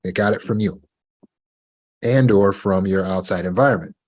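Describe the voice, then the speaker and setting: A man giving a measured motivational talk on recovery, often asking the listener rhetorical questions. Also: low-pitched, a little mellow. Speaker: self-help speaker.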